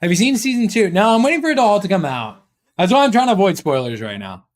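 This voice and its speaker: A man's voice: sits high, big pitch swings, fast talker. A man chatting casually on a live stream, rambling and joking with his chat, swearing often.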